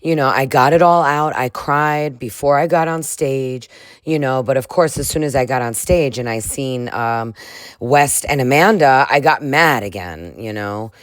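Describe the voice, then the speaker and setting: A woman's voice: very deep voice, normal speed, no echo, studio quality. A woman imitating a chatty, gossiping female reality-show star. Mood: gossipy. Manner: gossipy, "girl" and "like" talk.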